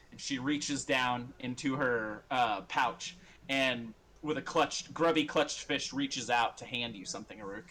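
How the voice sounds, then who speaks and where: Bright-toned male game master. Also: medium pitch, measured pace. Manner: loose, laughing, profane. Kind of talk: narrating a tabletop game.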